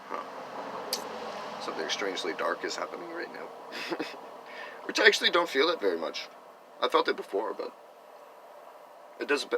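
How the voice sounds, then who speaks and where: A man's voice: sits low, noisy background. A man in a rambling spiritual monologue, musing on energy and acting out imagined conversations. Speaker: vlogger talking about energy healing.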